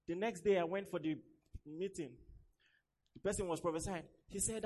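A man's voice: high voice, moderate pace, long pauses. A young man preaching a sermon, telling stories and acting out the voices of the people in them. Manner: animated storytelling, acts out quoted voices.

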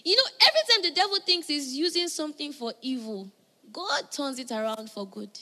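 A woman preaching a sermon, moving between loud emphatic calls and soft, hushed passages. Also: sits high, lively intonation, brisk.

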